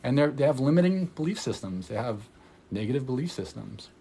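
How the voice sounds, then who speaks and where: A man, an energy healer, talking in a casual, rambling livestream chat, candid and excitable, swearing freely and laughing often. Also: mid-range voice, brisk, gravelly, breathy edge. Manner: loose rambling talk full of "like". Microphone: phone livestream.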